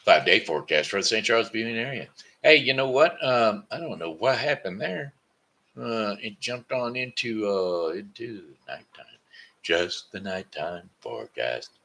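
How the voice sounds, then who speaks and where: Tired male home-show host with a low, bright voice, rambling and repetitive. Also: expressive, normal speed. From Missouri, United States. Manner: repeats words, stumbles and corrects himself. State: tired, sleepy. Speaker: host of a daily home broadcast. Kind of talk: rambling casual monologue.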